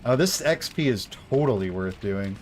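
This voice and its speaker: A man's voice: mid-range voice, lively intonation, normal speed, a little mellow, slight background noise. Laid-back young man streaming a game. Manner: laid-back, rambling, slangy with lots of "like" and "dude". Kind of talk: casual gameplay chat.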